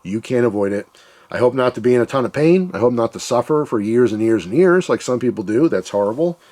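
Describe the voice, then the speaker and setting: A man's voice: medium pitch, lively intonation, fast, warm tone. A man hosting his own channel, talking in a rambling, candid way and describing himself as emotional. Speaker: channel host. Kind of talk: casual reflective vlog monologue.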